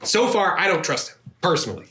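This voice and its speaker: A man co-hosting a casual podcast from home, recapping in a thoughtful, hedging way with plenty of fillers. His voice is bright and forceful, and the room gives it a clear echo. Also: high-pitched, very animated, quick pace, a little hiss or hum. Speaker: podcast co-host.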